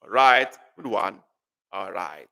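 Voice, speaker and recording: A man's voice: fairly low pitch, animated, slow, creaky, bright, forceful tone, long reverb tail. A man with a Nigerian accent teaching a live online language class, calling on students by name and teasing them as he repeats phrases. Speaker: language tutor.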